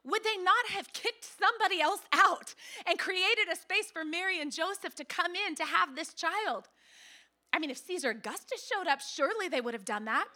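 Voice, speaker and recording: A woman pastor in her thirties preaching a sermon, telling the story with animated, playful asides. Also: extremely high pitch, normal speed.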